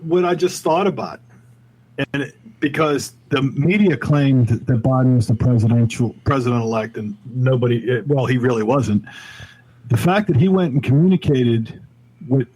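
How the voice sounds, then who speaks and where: A man's voice: mid-range voice, normal speed, darkish tone, breathy edge, poor audio. A man co-hosting a talk radio show, opinionated and chatty. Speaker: radio co-host. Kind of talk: call-in talk radio chat.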